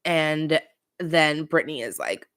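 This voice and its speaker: Woman host, casual pop culture recap, opinionated and chatty, lower voice, dry close recording. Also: lively intonation, slow, fairly bright tone, dry recording. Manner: chatty and opinionated, talks straight to viewers.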